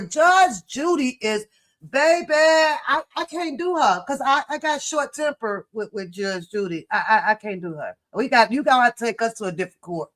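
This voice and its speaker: A woman hosting a commentary channel, reading text messages aloud and reacting in an emphatic, sassy way with loud outbursts. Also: on the high side, expressive, normal speed.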